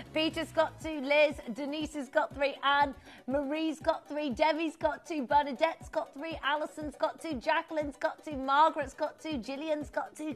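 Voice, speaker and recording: A woman hosts live television shopping in a bubbly, chatty manner, reading out viewers' names between sales patter. Her voice sits high, and faint music plays under her in the studio. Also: fairly bright tone. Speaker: shopping channel presenter.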